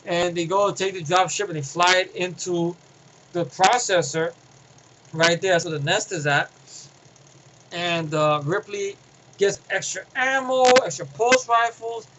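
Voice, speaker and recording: A man with a high, bright, forceful voice gives an excitable, rambling film review. He swears freely and keeps restarting his sentences. A faint noise sits behind him. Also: measured pace, poor audio. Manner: excitable, profane, restarts often, filler "and everything like that".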